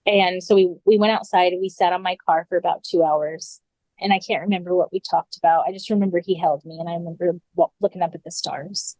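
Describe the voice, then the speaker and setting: A woman with a lowish voice tells a personal story as a podcast guest. Her telling is earnest, with frequent throat clearing. The sound is dry and close. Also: fairly even intonation, fast, darkish tone, no echo, poor audio.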